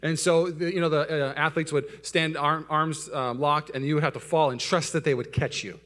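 A young adult man, a pastor giving a sermon in a self-mocking storytelling way that swings between loud excitement and soft, low asides. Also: moderate pace.

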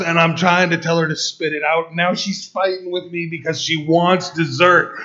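A middle-aged man preaching a sermon, telling a personal story in quick bursts with stammered restarts. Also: on the high side, level tone, sharp tone. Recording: dull lo-fi recording.

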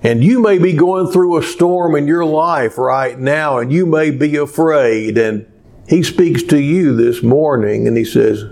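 A pastor preaching a sermon to a small church, reading scripture and then speaking in a measured way, lifting his voice for emphasis. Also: fairly high pitch, a little mellow.

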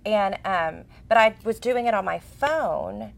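A woman in her forties, co-hosting a casual chat as an expressive, chatty storyteller. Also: medium pitch, measured pace, gravelly. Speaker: co-host.

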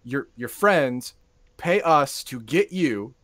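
A man's voice: medium pitch, animated, slow, fairly bright tone, dry recording, studio quality. A man co-hosting a casual stream, often stalling and restarting his sentences. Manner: hesitant, stammering restarts. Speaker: podcast co-host. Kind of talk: casual chat.

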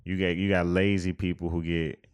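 A man's voice: low-pitched, level tone, normal speed, smooth. A man co-hosting a podcast, talking earnestly and reflectively in a casual chat, with many restarts. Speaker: podcast co-host.

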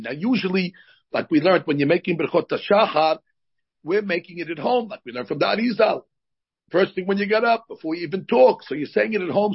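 A man's voice: on the high side, gravelly, husky. A man, a rabbi, teaching a religious lesson in a conversational, explanatory way with personal stories. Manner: explanatory, conversational, with frequent fillers. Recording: dull lo-fi recording.

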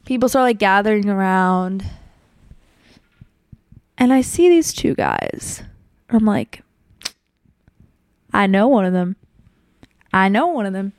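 With wildly swooping pitch, a young woman tells a candid story on her podcast, acting out quotes and swearing freely in a casual monologue. Her mid-range voice is clean-toned and she speaks slowly, pausing often, with no echo on the recording.

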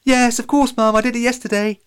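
A man voicing a mischievous eight-year-old boy, high and loud with excitement. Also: brisk, clear, resonant tone. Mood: fibbing.

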